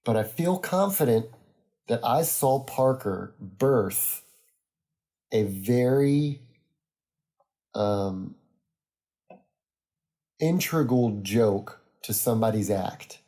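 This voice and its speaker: A young man hosting a solo podcast, chatting in a rambling, easygoing way with many pauses and fillers. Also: mid-range voice, lively intonation, mellow. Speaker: podcast host. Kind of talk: casual solo podcast monologue.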